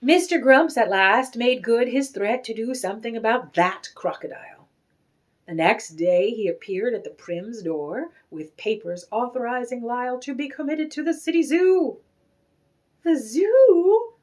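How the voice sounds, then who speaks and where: A woman reading a children's picture book aloud with expressive, animated storytelling. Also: on the high side, moderate pace.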